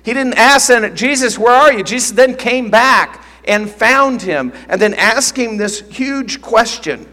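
A man's voice: very high-pitched, animated, unhurried, hardly any pauses, pushed and bright. A man preaching a sermon as pastor, teaching earnestly and emphatically, often repeating phrases. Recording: long reverb of a large hall.

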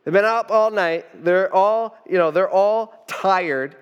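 A male pastor with a high, smooth voice preaches slowly, drifting casually through asides, restarts, and many a "you know." The recording is muffled and has a big-room sound.

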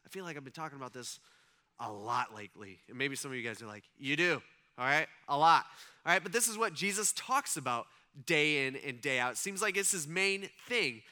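A man's voice: medium pitch, fairly quick. A man preaching a casual, conversational sermon, acting out voices and asking his audience questions. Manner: animated, conversational, acts out voices, asks the audience. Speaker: pastor.

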